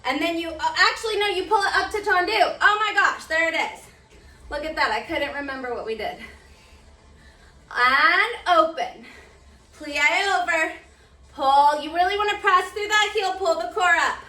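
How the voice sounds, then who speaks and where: Counting through a live barre workout, a young woman gives cheerful, talkative cues and sounds a little winded. The mic is distant and the room echoes; her voice is very high, sharp, and moderately paced.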